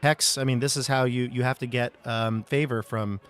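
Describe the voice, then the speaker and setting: A man narrating as game master of a tabletop game, talking in a relaxed way with many fillers and restarts. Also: mid-range voice, normal speed, smooth.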